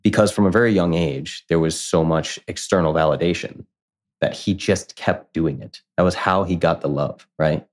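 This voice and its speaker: A man in his thirties with a very deep voice tells a personal story as a podcast guest. He rambles casually and leans on "like" again and again. He slips into quick impressions of what other people said. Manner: candid, rambling, heavy use of "like", acts out quoted voices.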